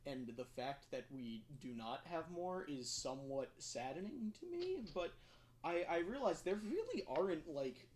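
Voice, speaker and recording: A man's voice: on the high side, big pitch swings, a little slow, a little mellow, a little hiss or hum. A man hosting a casual livestream, rambling and self-deprecating with lots of fillers. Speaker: livestream host.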